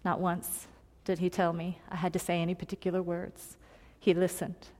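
A woman preaching a personal story in a sermon, earnest and confiding, moving between loud emphasis and hushed tones. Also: lowish voice, completely flat delivery, moderate pace. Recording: long hall reverb.

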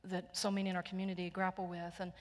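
A Texan woman delivers a sermon in an earnest, gentle storytelling voice, sometimes sinking to a near whisper. Her voice rings through a church hall with a long echo. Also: fairly low pitch, level tone, quick pace. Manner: gentle, earnest storytelling with soft hushed passages. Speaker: pastor. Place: church sanctuary.

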